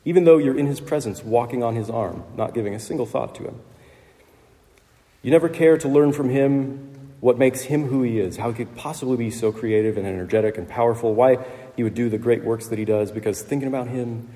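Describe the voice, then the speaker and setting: A man's voice: medium pitch, fairly quick, warm tone. A man preaching a sermon in a conversational way, with fillers and small laughs. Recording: long hall reverb.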